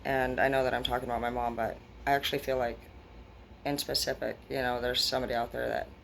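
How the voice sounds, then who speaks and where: A woman's voice: a bass voice, level tone, quick pace, vocal fry, a little hiss or hum. A woman with grown children giving a casual tarot reading to her viewers, rambling, blunt and full of swearing. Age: adult with children. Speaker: tarot reader.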